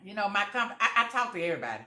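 A woman's voice: medium pitch, very animated, rapid-fire, sharp tone, echoey room. A woman chatting casually to viewers while eating, telling folksy stories and acting out both sides of conversations. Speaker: vlogger. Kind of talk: casual eating vlog chat.

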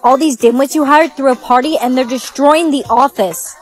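A synthetic woman's voice reading side characters in short POV skits with a flat, machine-like delivery. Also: high voice, moderate pace. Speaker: text-to-speech storyteller. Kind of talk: text-to-speech POV skit narration.

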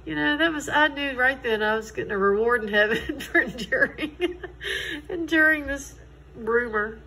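A woman's voice: high voice, normal speed, pushed and bright, husky, rough recording. A middle-aged woman, telling her personal faith story in an earnest, conversational way. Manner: earnest, conversational, quotes others in dialogue. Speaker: Christian testimony speaker.

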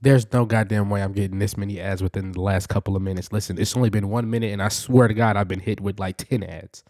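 A man's voice: on the low side, fairly even intonation, fast, darkish tone, no echo, studio quality. A young man hosting a reaction video, rambling casually to his viewers and laughing often.

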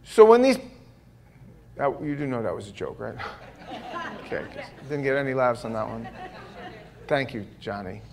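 A man preaching a sermon in a church, telling stories in an animated way and joking at his own expense. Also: mid-range voice, moderate pace, creaky, pauses often, some chatter behind. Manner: animated storytelling with self-deprecating jokes. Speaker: pastor. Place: church sanctuary.

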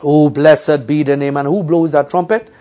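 A male pastor preaching a fervent sermon, peppering it with amens and hallelujahs, dropping to soft low passages and rising to loud high cries. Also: steady tone, moderate pace. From United States.

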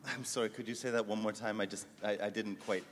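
A man's voice: lowish voice, steady tone, fast talker, a little hiss or hum. A man performing a comic stage sketch, boastful and teasing. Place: conference hall stage. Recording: live stage mic in a hall.

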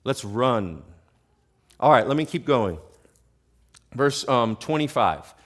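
Animated man preaching a sermon. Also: mid-range voice, a little slow. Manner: animated, rising to emphatic questions. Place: church.

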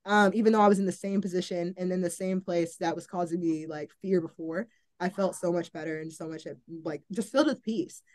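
A young adult college volleyball player, guesting on a podcast, tells a personal faith story casually and earnestly. Her voice is on the low side and darkish, with fairly even intonation and a slightly fast pace. She says "like" often and acts out her own past thoughts.

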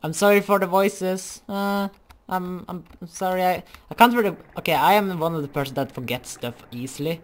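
A woman's voice: lowish voice, moderate pace. A woman casually commenting on her video game play, swearing and apologizing for herself. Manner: sweary and self-deprecating. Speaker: let's play gamer.

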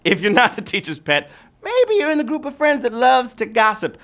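Hyped, high, sing-song game show man. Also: wildly swooping pitch, normal speed, fairly bright tone. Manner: playful, hyped, sing-song with teasing rhymes; calls players "babies". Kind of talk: live trivia game show hosting. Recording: music bed playing under the voice.

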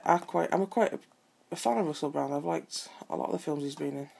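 A woman's voice: low-pitched, fast talker, creaky, husky. A woman, chatting casually through an unboxing video and swearing freely when things go wrong. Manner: swears freely, frustrated complaints. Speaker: vlogger. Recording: loud background noise.

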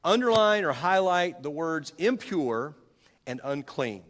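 Guy preaching in church, chatty, keeps asking the room stuff, voice a bit high, long echo from the hall. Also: animated, measured pace, fairly bright tone. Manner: conversational, self-correcting, asks the congregation questions. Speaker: pastor. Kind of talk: sermon. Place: church sanctuary. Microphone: handheld microphone.

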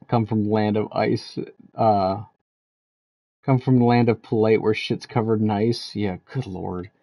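A man's voice: fairly low pitch, takes it slowly, creaky, long pauses, warm tone. A Canadian man chatting casually while streaming a game, swearing constantly and laughing at his own stories. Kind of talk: casual chat while gaming.

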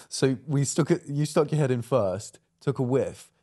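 A man's voice: medium pitch, measured pace, mellow. A young man co-hosting a podcast in casual chat, rambling with lots of fillers and laughter. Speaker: podcast co-host.

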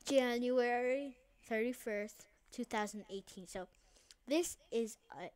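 A woman hosting her own channel, giving casual gameplay commentary in a playful way that swings between quiet mumbling and excited outbursts. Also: fairly high pitch, takes it slowly, clear, resonant tone. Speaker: channel host.

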